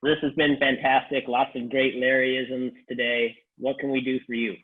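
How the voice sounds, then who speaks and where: A man's voice: medium pitch, flat delivery, normal speed. Man on a tinny phone-like line. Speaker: interview host. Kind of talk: casual interview. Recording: phone-like thin audio.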